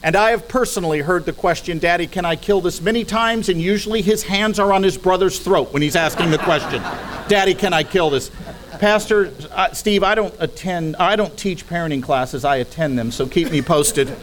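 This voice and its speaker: A man's voice: high-pitched, moderate pace, a little hiss or hum. A middle-aged man giving a persuasive talk from a podium in a church hall, asking rhetorical questions and adding dry humorous asides. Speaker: guest speaker.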